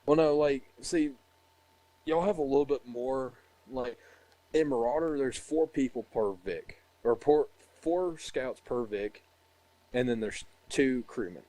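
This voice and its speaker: Young male storyteller, medium-pitched voice, loose and profane, casual chat delivery, quick to laugh. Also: dark tone, no room sound, poor audio. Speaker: soldier telling a story.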